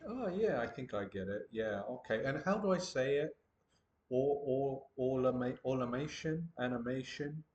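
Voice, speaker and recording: Man, casual and jokey, a little hesitant, mid-pitched voice. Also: sing-song, normal speed, hardly any pauses, dull audio. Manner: joking, playful, hesitant. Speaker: English teacher trying out an AI tutor. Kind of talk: casual chat.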